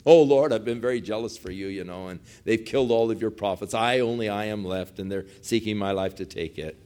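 A preacher doing a desperate old prophet. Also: male voice, a little fast, darkish tone, natural voice. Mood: whining. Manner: pleading, rising to a high urgent pitch. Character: frantic old male prophet, self-pitying.

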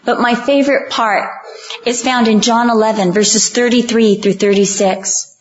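A woman preaching a sermon, earnest and emphatic, slowing down on key lines and acting out the voices she quotes. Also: on the high side, steady tone, muffled recording.

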